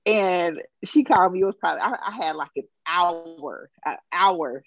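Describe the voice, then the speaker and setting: A woman telling a personal story in a casual, animated way and acting out the quotes. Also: lowish voice, normal speed, no echo, lo-fi sound. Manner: animated, acts out quotes, emotional.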